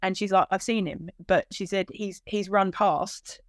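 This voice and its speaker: With a mid-range voice and measured pace, a woman relates the emotional tale of looking for her dog, performing each quoted line. Her animated voice lifts when she is moved; the studio-quality recording has no room sound.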